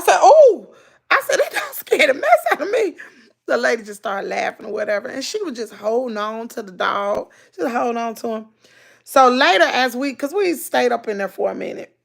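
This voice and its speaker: A fairly high, creaky voice belongs to this Southern woman from Mississippi, who hosts a relaxed livestream. She reads comments aloud, laughs loudly, and tells animated stories rich in country slang.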